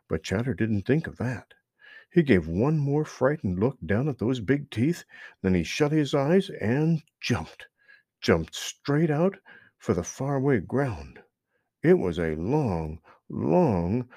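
A man reading a children's animal story aloud in an expressive storytelling voice. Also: medium pitch, vocal fry, breathy edge, no echo, studio quality.

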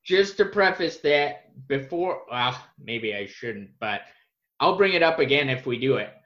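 A man co-hosting a podcast, telling family stories quickly and laughing along. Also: medium pitch, animated, roomy sound. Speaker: podcast co-host. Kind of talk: casual storytelling. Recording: dull lo-fi sound.

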